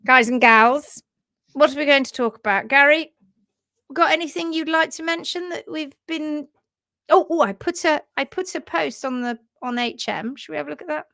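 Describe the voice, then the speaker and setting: A woman's voice: high voice, normal speed, gravelly, pushed and bright, dry recording. A woman hosting a casual livestream, upbeat and chatty, reading out viewer comments and teaching about hoof care.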